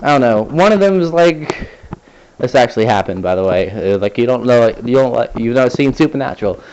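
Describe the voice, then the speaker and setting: A man rambles through a personal story in a casual vlog, sarcastic and loose, with plenty of swearing. His voice sits at an ordinary middle pitch. The recording sounds dull and lo-fi. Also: expressive, a little fast, a little mellow, a little hiss or hum. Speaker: vlogger.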